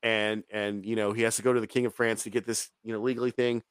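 A man's voice: on the low side, level tone, quick pace, smooth, no echo. Profane, rambling male podcast co-host. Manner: rambling, profane, laughs often. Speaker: podcast co-host reviewing a film. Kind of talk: casual podcast chat.

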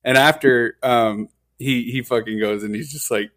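A young man hosts a loose podcast chat with a middle-pitched voice, telling a gaming story with animated, profane energy. He keeps saying dude and hella. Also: normal speed.

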